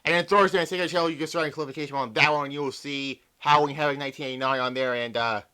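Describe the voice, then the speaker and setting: Bright, clear-voiced man ranting profanely. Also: on the high side, fairly even intonation, very fast. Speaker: wrestling show reviewer. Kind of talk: casual video review.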